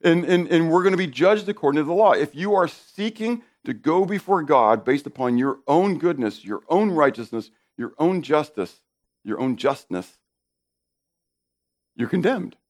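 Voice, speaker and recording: A man's voice: fairly high pitch, animated, moderate pace, a little mellow. A man preaching a sermon, stressing key words by repeating them and speaking directly to his listeners.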